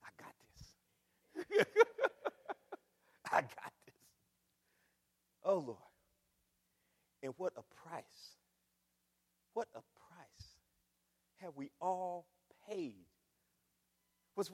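A middle-aged man preaching a sermon in a church, swinging between shouts and hushed, emphatic lines. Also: high-pitched, expressive, very slow, long pauses, slightly rough. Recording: long reverb of a large hall.

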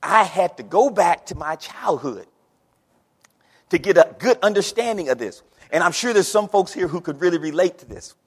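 Man preaching, bit high voice, folksy homespun sermon, long echoey church hall. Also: big pitch swings, normal speed, breathy edge. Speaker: pastor.

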